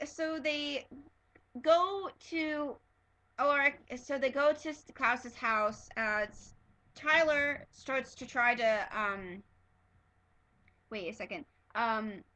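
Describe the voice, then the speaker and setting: A woman excitedly reviewing a TV episode in a casual fan vlog, gushing and stumbling over fillers and restarts. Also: fairly high pitch, low-quality recording.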